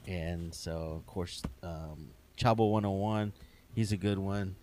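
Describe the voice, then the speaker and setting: Middle-aged podcast host, kinda low voice, easygoing, lots of ums. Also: male voice, steady tone, a little slow, a little mellow, slight background noise. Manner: easygoing, hesitant with many ums. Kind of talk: casual interview.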